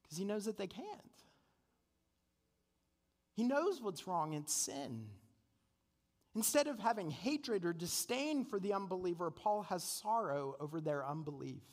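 Earnest pastor in a reverberant sanctuary. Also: male voice, high voice, very animated, measured pace, pauses often, darkish tone. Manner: earnest, conversational preaching with rhetorical questions. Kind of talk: sermon.

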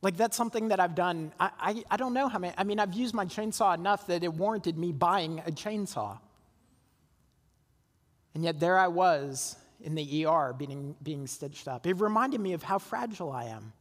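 A pastor preaching a sermon, telling a personal story in a relaxed, conversational way with small laughs and restarts. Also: male voice, high-pitched, normal speed. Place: church sanctuary. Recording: long hall reverb.

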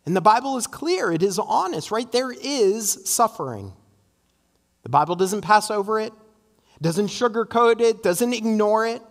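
A man's voice: high voice, animated, measured pace, big-room sound. A man preaching an earnest, emphatic sermon in a church, often tossing in "right?" asides. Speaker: pastor. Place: church sanctuary.

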